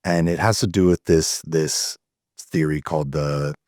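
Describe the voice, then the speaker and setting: Deep male guest, earnest storyteller, dry video-call sound. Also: fairly even intonation, unhurried, a little mellow, dry recording. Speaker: guest, men's community founder. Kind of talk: conversational storytelling.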